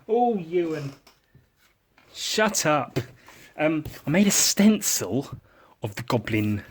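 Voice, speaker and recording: Slow, sweary man rambling. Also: mid-range voice, husky. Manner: sweary, self-mocking, silly wordplay. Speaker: podcast host. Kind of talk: rambling comic monologue while drawing.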